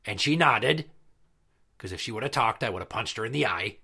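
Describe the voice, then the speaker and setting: A man's voice: on the low side, animated, fairly quick, vocal fry, bright, forceful tone, slightly rough, full character voice. A man voicing a crude, boastful male pirate party entertainer who tells profane stories in a comedy podcast skit. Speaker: regular character.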